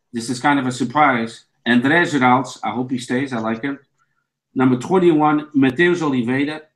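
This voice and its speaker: A man's voice: mid-range voice, rough recording. A man co-hosting a football podcast in casual chat, reading out a long list with stumbles and restarts. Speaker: podcast co-host.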